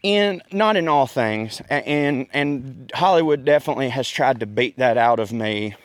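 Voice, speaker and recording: A Southern US man hosts a casual rant outdoors in a park, chatty and folksy, with frequent laughs. He sounds slightly out of breath and speaks at an average pitch. The recording is dry and close. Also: lively intonation, moderate pace, no echo. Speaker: podcast host.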